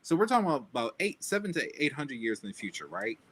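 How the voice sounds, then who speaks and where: A man co-hosting a podcast in casual chat, blunt and animated, laughing at his own jokes. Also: on the high side, fast talker. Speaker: podcast co-host.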